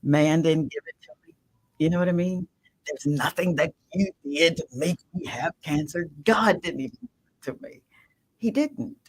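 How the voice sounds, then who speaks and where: Middle-aged woman guest, radio host herself; passionate testimony with sudden hushed drops, dry sound. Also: sits low, moderate pace, husky, dry recording, poor audio. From Mississippi. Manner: impassioned, swings from loud emphatic to hushed. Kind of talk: emotional personal testimony.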